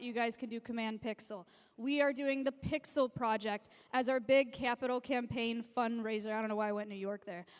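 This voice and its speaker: Young woman presenter, gushing and excited, smooth clear voice, live stage mic in a big hall. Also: sits high. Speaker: sanctuary founder presenting on stage. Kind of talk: live-streamed stage announcement. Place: large convention hall with live audience. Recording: long hall reverb.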